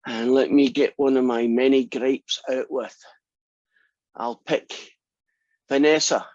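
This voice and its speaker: This math instructor speaks slowly at a medium pitch, his voice a little mellow and his intonation fairly even. He lectures a calculus class on derivatives, slipping in wry, teasing remarks. The classroom recording is dry and muffled, without any echo.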